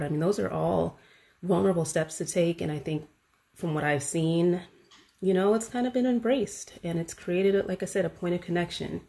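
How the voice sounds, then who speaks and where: A woman hosting a podcast, talking casually and with animated enthusiasm, full of fillers like "you know" and "like". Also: lowish voice, moderate pace, creaky. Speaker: podcast host. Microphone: podcast mic.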